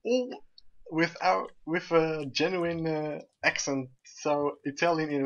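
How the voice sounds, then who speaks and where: A man casually chatting while streaming a game, rambling and pausing to find his words. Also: fairly high pitch, rough recording.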